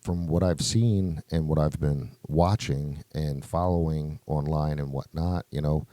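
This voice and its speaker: A man's voice: very deep voice, steady tone, unhurried, warm tone, no room sound. A man co-hosting a podcast, rambling loosely in casual chat and swearing often. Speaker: podcast co-host.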